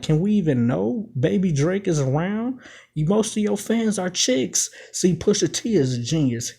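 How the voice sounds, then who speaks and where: Male commentator with a somewhat high, mellow voice, casually and emphatically unpacking rap lyrics. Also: slightly rough. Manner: emphatic, repeats quoted lines, keeps asking "you know what I'm saying".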